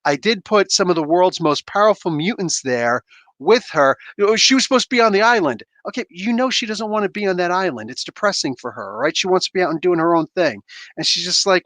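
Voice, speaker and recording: A man hosting a live comic book review, talking in a casual, excitable, slangy and rambling way. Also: high voice, a little fast, no echo.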